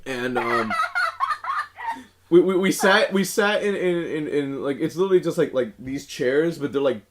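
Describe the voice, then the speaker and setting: A young man tells a story on a casual podcast, rambling through it with plenty of fillers and laughing often. His pitch swings widely and sits a little high. Faint noise hums underneath. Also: expressive, moderate pace. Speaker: podcast co-host. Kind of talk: casual chat.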